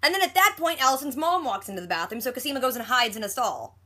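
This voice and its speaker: Woman, fairly high voice, bright tone, chatty episode recap. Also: expressive. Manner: chatty retelling, acting out characters' lines in quick quotes. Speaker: reaction video host.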